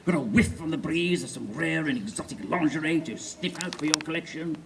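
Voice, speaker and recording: Bawdy domineering empress voiced by a male reader, brisk delivery. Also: a little high, far from the mic, noisy background, lightly acted. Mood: leering.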